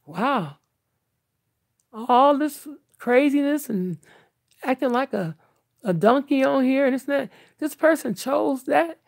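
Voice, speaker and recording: A woman's voice: sits high, expressive, slow, gravelly, long pauses, darkish tone, no room sound. An older woman talking candidly to her viewers in an earnest, emphatic, outspoken way. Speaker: vlogger.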